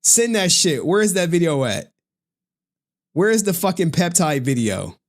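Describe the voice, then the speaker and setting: A man's voice: sits high, very animated, normal speed. A man on a livestream ranting in a slangy, profane, trash-talking style, laughing often. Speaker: streamer.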